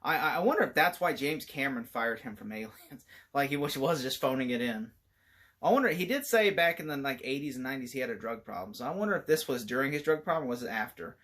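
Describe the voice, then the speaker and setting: A man talks through a movie review in a loose, rambling way, with a bright, ringing voice. He gets animated and keeps breaking into laughter as he goes. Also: medium pitch, fast. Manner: animated, laughs often while talking.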